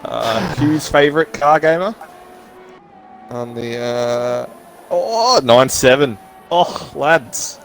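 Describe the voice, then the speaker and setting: Aussie bloke doing sim racing commentary, excitable, jokey, voice jumps way up. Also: male voice, slow pace, gravelly, faint music behind. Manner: excitable, jokey banter with sudden high yelps.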